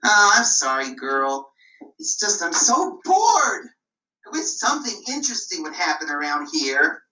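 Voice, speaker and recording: Woman puppeteer as a whiny bored shepherd boy, slow drawl, echoey room. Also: on the low side, big pitch swings, bright, forceful tone, full character voice. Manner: whiny, sighing, drawn-out complaints. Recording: roomy, mic at a distance.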